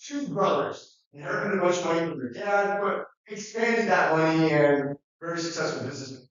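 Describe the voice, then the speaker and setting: A man's voice: on the high side, normal speed, fairly bright tone. A man giving a classroom lecture in a rambling, conversational way, with many fillers and restarts. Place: lecture room. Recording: muffled, very echoey, distant.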